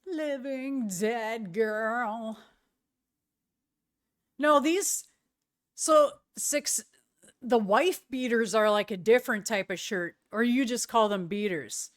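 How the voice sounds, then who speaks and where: Slow-talking woman streamer, casual chat. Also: on the high side, no room sound, clean studio sound. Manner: chatty, rambling, often loses words and laughs. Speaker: live streamer chatting with viewers.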